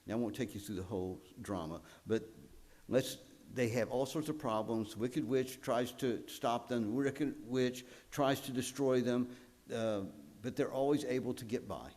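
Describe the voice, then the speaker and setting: Animated storytelling male preacher. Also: moderate pace. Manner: animated storytelling with swings in pitch and volume. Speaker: pastor. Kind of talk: sermon.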